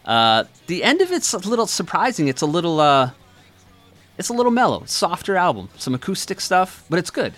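A man's voice: sits high, wildly swooping pitch, brisk, a bit bright, faint music behind. A man from Wisconsin with an Upper Midwest American accent, hosting a podcast in casual chat. He rambles through stories and swears freely. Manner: laid-back, swears freely, rambling storyteller. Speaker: podcast host.

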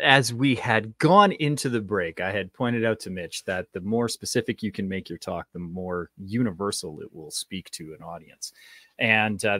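A man's voice: deep voice, a bit bright, no echo. A man who coaches public speaking, guest on a radio interview, telling a story in a loose, rambling way with fillers. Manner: storytelling with many fillers and restarts. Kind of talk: casual interview talk.

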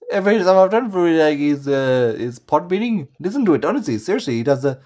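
A man's voice: on the high side, big pitch swings, quick pace, few pauses, a little mellow. A man hosting a casual group voice chat, teasing the others with crude banter.

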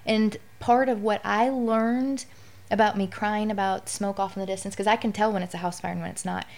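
A woman's voice: mid-range voice, fairly even intonation, fairly quick, creaky, a little mellow. A middle-aged woman speaking candidly and with emotion as a guest in a conversational interview.

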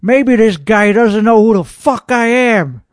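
A man's voice: sits high, expressive, unhurried, dry recording, clean studio sound. A young man hosting a podcast, ranting in a boastful, irritable way and swearing constantly. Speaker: podcast host reacting to a show. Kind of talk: profane comedic rant.

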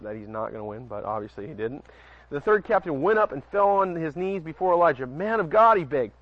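Near a porch on a night outdoors, a man reads Bible passages in a relaxed sermon, often stumbling and chatting to his listeners along the way. His pitch is fairly high, and the dull lo-fi recording carries no room sound.

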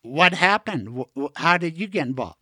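A man from Colorado hosting an interview, talking in a quick, chatty way and cutting in to add his own points. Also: fairly high pitch, expressive, sharp tone, slightly rough, no echo. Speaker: podcast host, lawyer. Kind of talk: conversational interview.

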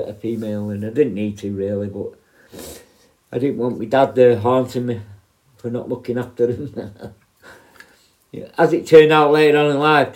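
A man's voice: mid-range voice, darkish tone. Rambling man telling stories. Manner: rambling, many fillers and asides. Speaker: former prison officer. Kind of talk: casual storytelling.

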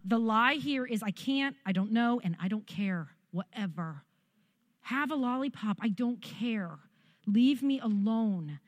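Woman pastor preaching warmly and directly. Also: fairly high pitch, no echo, studio quality. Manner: conversational, encouraging, direct to the congregation. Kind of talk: sermon.

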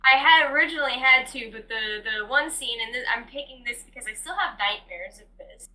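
A woman co-hosting a casual podcast chat, speaking in a measured, halting way. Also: sits high, bright, forceful tone, rough recording. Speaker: podcast co-host.

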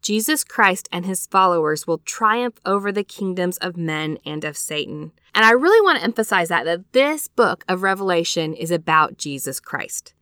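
Bright-voiced chatty woman teaching scripture. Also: on the low side, animated, normal speed, few pauses, smooth, no echo, studio quality. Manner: chatty, conversational, checks in with rhetorical questions. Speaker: podcast host teaching scripture. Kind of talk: casual scripture study lesson.

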